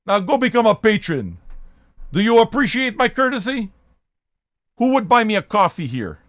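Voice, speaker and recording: An older man with a fairly high voice that leaps up and down as he rambles, loud and profane. He talks straight into a close mic in a dry basement room with no echo. It sounds like a casual host ranting to a live audience. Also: very animated, normal speed. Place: home basement.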